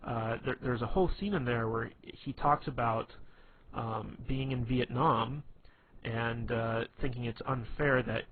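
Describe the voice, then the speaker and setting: A man's voice: medium pitch, a little slow. Man giving rambling advice over tinny audio. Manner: rambling, many fillers and restarts. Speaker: dating advice talker. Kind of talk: casual instructional talk. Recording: tinny phone-like audio with faint hiss.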